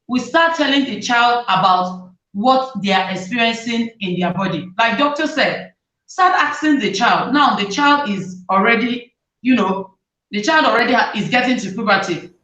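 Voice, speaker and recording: A woman, hosting a talk show and giving lively advice to parents, often acting out what parents and children say. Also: on the high side. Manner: animated, acts out parents' and children's lines. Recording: roomy, distant, dull sound.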